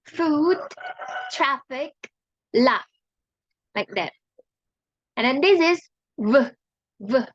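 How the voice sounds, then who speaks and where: Slow, halting young woman student. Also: a little high, a bit bright, dry recording, dull audio. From Indonesia. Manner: slow, halting, repeats each sound and example word. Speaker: student presenter. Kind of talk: class presentation on pronunciation.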